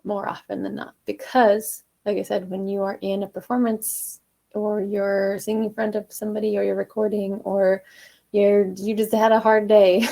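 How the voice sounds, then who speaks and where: A woman vocal coach leading a live online singing lesson, switching between calm explanation and loud, short staccato "ha" exercises that leap high into head voice. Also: creaky. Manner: relaxed explaining with chuckles and fillers.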